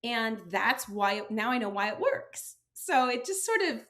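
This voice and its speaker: A woman's voice: fairly high pitch, very animated, unhurried, fairly bright tone. A woman, an acting teacher and author, telling her story as an interview guest and acting out quoted exchanges with a laugh.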